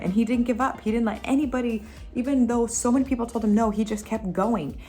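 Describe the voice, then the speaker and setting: A woman's voice: a little high, brisk, warm tone, soft background music. A woman vlogger giving casual motivational advice, emphatic and repetitive, laughing at herself now and then. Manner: playful, laughs at her own impressions. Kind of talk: casual motivational talk to camera.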